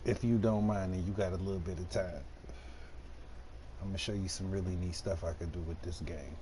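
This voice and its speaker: A man's voice: deep voice, fairly even intonation, moderate pace, mellow, a little hiss or hum. A man from Detroit, casually chatting with viewers while playing a farming game on a live stream, slangy and laid-back. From Detroit, USA.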